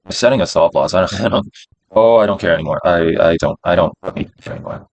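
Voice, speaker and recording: Speaking fast in a low, darkish voice, a man narrates his day trades on a live stream, casual and profane, repeating phrases to himself. The recording is muffled but has no echo.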